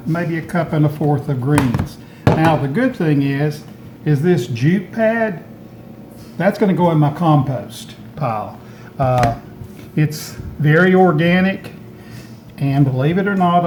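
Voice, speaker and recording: Fairly high in pitch and darkish in tone, this man's voice comes with slight background noise. He hosts a home gardening channel from Tennessee, USA, and chats folksily while presenting food made in his home kitchen, a casual food demonstration.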